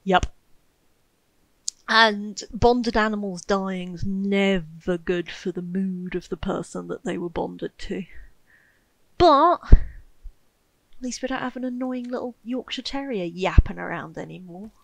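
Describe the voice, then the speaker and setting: A woman giving casual, wry commentary over her own gameplay, chatty and self-mocking, with sudden excited yelps. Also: medium pitch, unhurried, vocal fry, dry recording, rough recording. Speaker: game streamer commentating.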